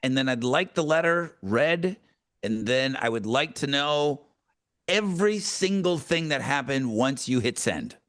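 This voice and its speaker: A man's voice: medium pitch, expressive, unhurried, a bit bright, no room sound. Man in dry studio, teasing co-host. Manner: needling, teasing questions. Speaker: podcast co-host. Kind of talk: casual chat.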